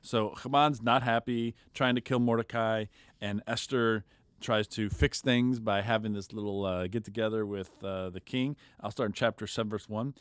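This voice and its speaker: A man's voice: on the low side, normal speed, clean tone, no room sound. A man co-hosting a podcast, chatting casually about Bible stories, reading scripture aloud and acting out the quoted lines with energy. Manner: animated storyteller, acts out quoted lines. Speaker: podcast co-host.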